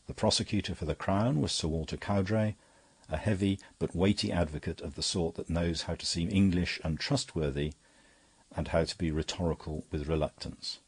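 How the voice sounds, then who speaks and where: Very deep, husky male audiobook narrator. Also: a little mellow, no echo. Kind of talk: scripted narration of a classic novel.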